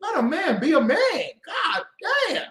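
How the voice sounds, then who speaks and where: A man preaching a heated, mocking street sermon, acting out voices and bursting into shouts. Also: very high voice, sing-song, measured pace, roomy sound, rough recording.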